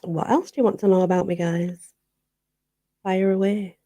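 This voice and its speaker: A woman with a Yorkshire accent chats easily with her live viewers and answers their comments as they come in. She talks in a loose, friendly run, and "you know" keeps slipping into almost every sentence. Her voice sits in an ordinary middle pitch. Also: steady tone, moderate pace, mellow. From Barnsley, Yorkshire, England. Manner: chatty, says "you know" constantly. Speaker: livestream host.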